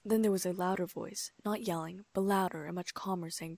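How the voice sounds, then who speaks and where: Woman reading an audiobook, raspy fry in her voice, dead dry sound. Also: on the low side, fairly quick, dry recording. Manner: steady reading with small slips and restarts. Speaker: audiobook narrator. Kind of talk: first-person audiobook narration.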